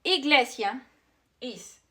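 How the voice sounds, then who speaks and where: A young woman teaching beginners, her first language Spanish, speaks with a fairly high, bright voice. She talks extremely slowly and patiently, repeating every vowel and word again and again. Faint noise sits under the voice. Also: animated.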